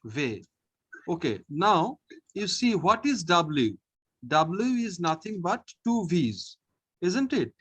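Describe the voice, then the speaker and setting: A man leads an online French lesson, taking it slow and repeating each sound for his pupil. His pitch swings widely as he explains, and his voice carries a faint husky edge. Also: very animated, a bit bright. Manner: slow, patient, repeats each sound, often says okay. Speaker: French teacher.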